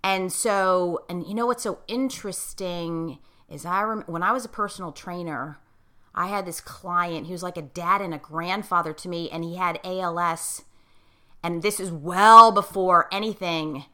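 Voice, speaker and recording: A middle-aged woman with a lowish, bright and forceful voice talks in a casual, coaching way. She leans on her key words and keeps checking that her listener follows. When she tells a personal story she gets choked up. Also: normal speed. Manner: gets choked up while telling a moving story.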